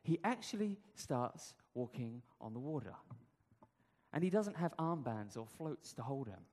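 A man's voice: mid-range voice, big pitch swings, unhurried, a little mellow, big-room sound. A man preaching a sermon, telling the story conversationally with rhetorical questions.

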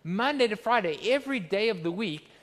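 A man's voice: high voice, animated, brisk, a bit bright, in a large hall. A man preaching a sermon as pastor, earnest and emphatic, with rhetorical questions. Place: church.

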